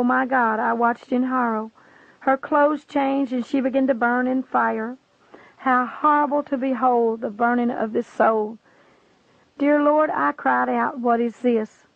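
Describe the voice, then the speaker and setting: Earnest woman narrator, fairly high gravelly voice, dry tinny recording. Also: fairly even intonation, measured pace, no room sound. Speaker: reader. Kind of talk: reading a religious testimony aloud. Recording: tinny phone-like line, dry.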